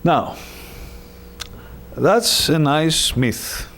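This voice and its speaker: Male lecturer, slow, animated myth teller, faint hiss. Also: fairly high pitch. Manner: animated, halting with fillers. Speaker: presenter.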